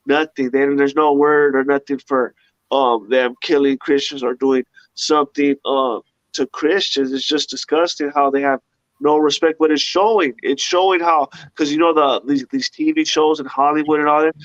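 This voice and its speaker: A man's voice: a little high, fairly even intonation, moderate pace, no echo. Indignant rambling man, dull lo-fi sound. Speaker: panelist. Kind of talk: casual talk-show discussion.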